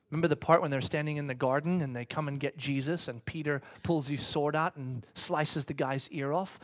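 A man preaching a sermon in a casual, chatty way, telling a story with sudden swings between loud excitement and hushed whispers. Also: mid-range voice. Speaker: pastor.

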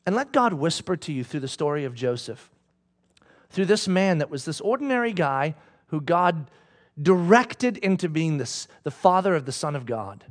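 A male pastor preaching a sermon in a church, animated and swinging from loud to hushed. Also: on the high side, normal speed, pauses often.

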